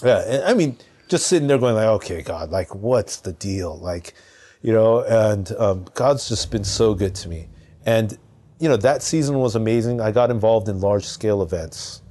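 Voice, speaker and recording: In a lowish voice, a Southern Californian podcast guest relates a personal story, keeping it casual and animated and sprinkling in lots of fillers.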